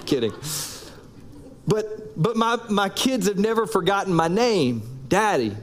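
A man with a high voice delivers a sermon from the pulpit in his thirties, speaking. He preaches in a loose, conversational way, cracking jokes and pausing between his phrases. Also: sing-song, a little hiss or hum. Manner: joking, conversational preaching with pauses. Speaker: pastor.

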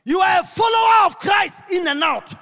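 High, bright-voiced preacher shouting in a hall. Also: male voice, normal speed. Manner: shouts and chants, sings phrases, mimics people. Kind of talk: lively sermon with shouting. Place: church. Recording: long reverb of a church hall.

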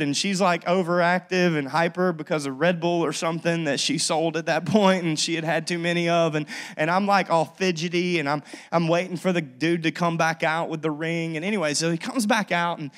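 Young guy pastor giving an animated sermon, kinda high voice, keeps restarting mid-sentence. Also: moderate pace. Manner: animated, energetic storyteller with frequent restarts. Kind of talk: sermon with personal storytelling.

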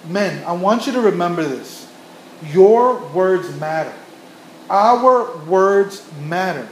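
A man's voice: high-pitched, lively intonation, takes it slowly, slight background noise. A man preaching a sermon as a pastor, telling stories earnestly with frequent restarts and repeated phrases. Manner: earnest storytelling with many restarts and repetitions. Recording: echoey room.

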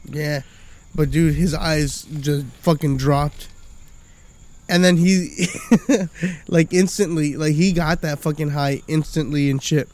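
A man's voice: a little high, fairly even intonation, takes it slowly, darkish tone. Laid-back profane man telling a story. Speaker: podcast co-host. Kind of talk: casual storytelling chat. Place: studio.

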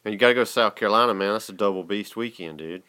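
Folksy man, low voice. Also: very fast, clean tone, no echo. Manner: relaxed, folksy, says y'all and man. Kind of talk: casual chat.

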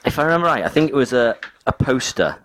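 A man's voice: mid-range voice, very animated, fast talker, fairly bright tone, slight background noise. A man, co-hosting a podcast in rambling, self-deprecating casual chat. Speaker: podcast co-host. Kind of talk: casual banter.

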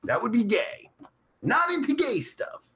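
Casting: a man playing a crude, foul-mouthed streamer, high, bouncy voice, slow delivery. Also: big pitch swings, pushed and bright, full character voice. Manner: profane, crude, rambling. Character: crude vulgar man livestreamer, Pervert Pete. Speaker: livestream host. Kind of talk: live chat comedy stream.

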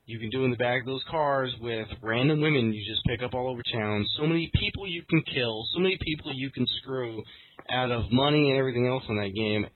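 A man's voice: medium pitch, fast. A man co-hosting a casual podcast chat, with a wry, joking manner. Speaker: podcast co-host. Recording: tinny phone-like sound.

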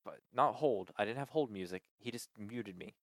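A man's voice: fairly low pitch, moderate pace, no room sound, clean studio sound. A man in casual chat, venting with exasperation about a support call, swearing often and filling with "like".

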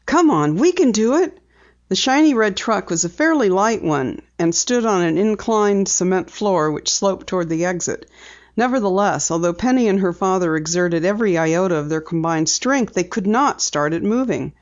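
A reader giving steady, measured narration of a mystery novel. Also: mid-range voice. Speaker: audiobook narrator. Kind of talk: scripted narration. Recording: dull lo-fi recording.

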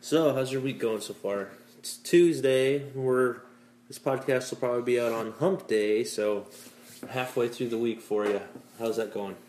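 A man's voice: medium pitch, measured pace, darkish tone. A man from Canada hosting a casual podcast, talking in a cynical, self-mocking way and laughing often. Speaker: podcast host. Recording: roomy room with faint noise.

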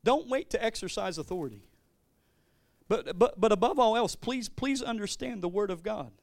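High-voiced pastor preaching animatedly. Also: male voice, moderate pace, creaky, no echo. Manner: animated, swings between loud declarations and quiet storytelling, stammering restarts. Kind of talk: sermon.

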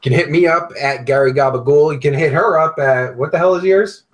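A man's voice: on the high side, fairly quick, rough recording. A man hosting a podcast, chatting casually and ranting bluntly with lots of swearing. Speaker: podcast host.

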